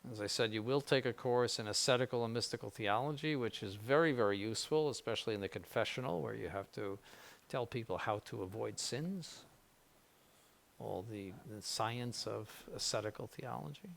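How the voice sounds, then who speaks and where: A man's voice: mid-range voice, moderate pace, gravelly. An older man, a bishop, giving an informal spiritual conference to seminarians, conversational with frequent restarts and dry ironic asides. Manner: conversational, repeats words, mild jokes, ironic asides.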